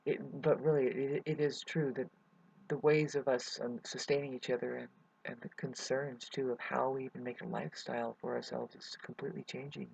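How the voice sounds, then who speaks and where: A man's voice: medium pitch, flat delivery, fairly quick, gravelly, darkish tone, slightly rough. A man rambling through a hesitant personal update to his viewers, full of fillers and restarts. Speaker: vlogger. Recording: dull lo-fi recording.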